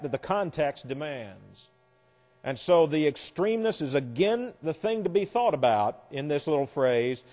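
A man's voice: on the high side, a little mellow. A man teaching a Bible class lecture, explaining verses step by step with wry asides. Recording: long hall reverb.

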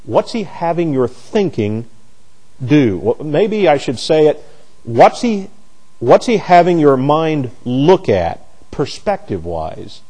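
A man's voice: on the high side, very animated, darkish tone. A middle-aged man teaching a Bible class, often stumbling and repeating words as he works out his phrasing. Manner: halting, repeats words while searching for phrasing.

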